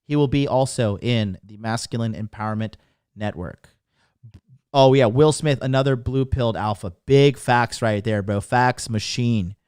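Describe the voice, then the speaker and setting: A man's voice: mid-range voice, moderate pace, a little mellow, clear, resonant tone, dry recording, studio quality. A man in his thirties hosting a podcast, talking in a brash, profane, emphatic monologue. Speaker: podcast host.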